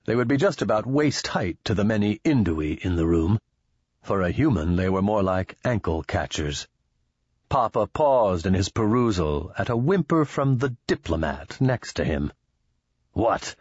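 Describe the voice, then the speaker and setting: A man narrating an audiobook in a steady, measured way, close to a studio mic. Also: on the low side, breathy edge, no room sound, highs cut off. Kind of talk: scripted narration.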